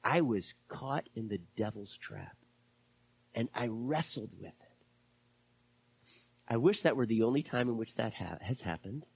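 A man preaching a sermon as pastor, impassioned and then dropping to hushed, whispered prayer. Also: mid-range voice, animated, measured pace, vocal fry, long pauses, husky, dry recording.

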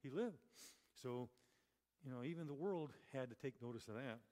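A man's voice: mid-range voice, expressive, normal speed, dark tone. A man preaching a conversational sermon, chatty and full of rhetorical questions and self-corrections. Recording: long reverb of a large hall.

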